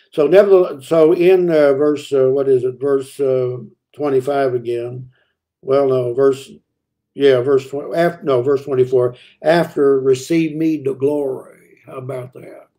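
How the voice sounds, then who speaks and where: A man with a mellow, warm voice at a middle pitch leads a midweek Bible study. He reads verses in old-fashioned wording, then talks them through in a plain, conversational way with many fillers and restarts. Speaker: preacher teaching a Bible study.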